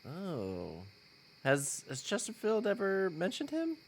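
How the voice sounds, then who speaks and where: A man's voice: sits high, wildly swooping pitch, slow. A man playing a tabletop game, asking questions with some hesitation. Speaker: player.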